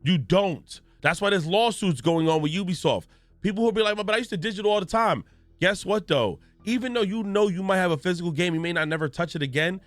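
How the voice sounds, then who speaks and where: A man's voice: on the high side, a bit bright, no room sound. A man, a gaming streamer, giving ranting news commentary in a profane, storytelling way with exaggerated reactions.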